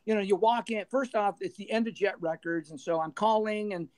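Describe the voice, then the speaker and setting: A middle-aged man, a former band manager, telling lively anecdotes in a casual interview and laughing as he goes. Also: sits high, fairly quick. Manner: animated anecdotes, laughing, acting out others' voices.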